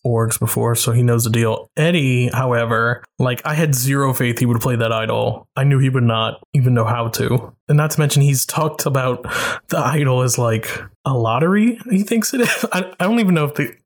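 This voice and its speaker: Gravelly man in casual podcast chat. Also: mid-range voice, moderate pace. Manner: rambling, laughs often, many restarts. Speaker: podcast co-host. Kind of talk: casual chat about an online game.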